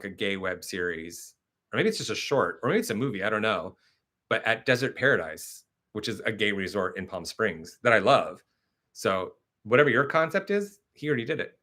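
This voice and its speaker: Male live-stream host with a bright, forceful tone. He chats casually and tells stories with lots of fillers. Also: lowish voice. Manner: chatty, animated storytelling with many fillers; reads and answers viewer comments.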